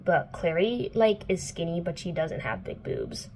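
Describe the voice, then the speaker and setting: A woman's voice: fairly low pitch, huge pitch swings, measured pace, gravelly, darkish tone, slight background noise. A young woman book vlogger casually recapping a plot indoors, chatty and playful, full of "like" and swearing. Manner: chatty, filler-heavy, profane, playful.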